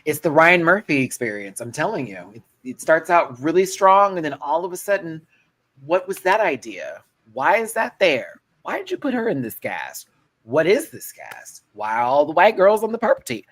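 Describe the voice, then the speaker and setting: Sassy animated male panel host. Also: on the high side. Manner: sassy, animated, quick asides. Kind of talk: casual panel chat.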